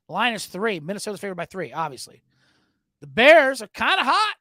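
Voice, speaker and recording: Gravelly, animated sports-betting host. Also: male voice, high-pitched, dry recording, studio quality. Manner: loose, profane and rambling. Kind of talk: casual podcast chat.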